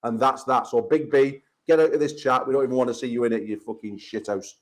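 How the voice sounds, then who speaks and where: A man's voice: medium pitch, steady tone, fast talker, rough recording. An English man hosting a call-in chat show, talking in brash, profane trash-talk banter. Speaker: host.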